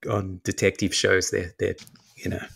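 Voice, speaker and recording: Gravelly laid-back Australian-raised man. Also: low-pitched, completely flat delivery, normal speed, a bit bright. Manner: laid-back anecdotal, laughs along. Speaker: actor and interview guest. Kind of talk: casual interview storytelling.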